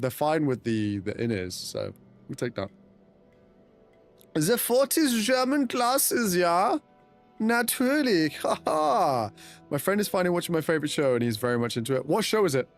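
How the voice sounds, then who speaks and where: A man's voice: medium pitch, lively intonation, a little fast, darkish tone, faint music behind. A man hosting a live stream, chatting casually and reading viewer messages aloud, often restarting sentences. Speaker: streamer host.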